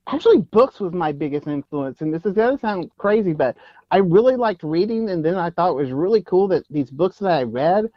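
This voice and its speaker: A man's voice: sits high, no room sound, highs cut off. A man from Texas, a guest actor telling stories in a casual interview, rambling with many fillers and restarts.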